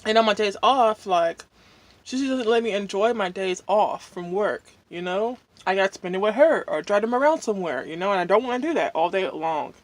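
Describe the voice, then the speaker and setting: A woman's voice: mid-range voice, lively intonation, brisk, no echo. A woman vlogger chatting casually while eating, rambling and venting with lots of fillers and pleased hums between bites. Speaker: mukbang vlogger.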